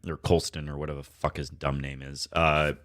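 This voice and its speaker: A man with a bass voice co-hosts a sports podcast, talking fairly quickly with a flat, slightly bright delivery. He's laid-back and profane, rambling and restarting often.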